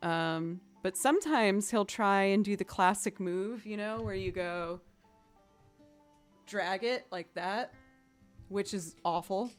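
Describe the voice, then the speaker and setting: A woman streamer chatting casually and telling a story in an animated, playful way. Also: medium pitch, slow pace, faint music behind. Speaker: musician streamer. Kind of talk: casual chat.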